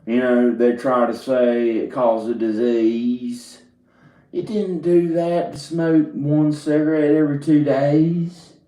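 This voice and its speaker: A man's voice: mid-range voice, fairly even intonation, slow pace, dark tone, echoey room, low-quality recording. A man from Virginia telling a rambling, profane comedic monologue and laughing at his own jokes. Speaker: comedic storyteller. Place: indoor room with drum set and speakers.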